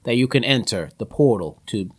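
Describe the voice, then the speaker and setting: A man's voice: medium pitch, expressive, moderate pace. A man with a Southern US accent, running a tabletop game as game master and narrating scenes in a rambling way. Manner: rambling, restarts mid-description.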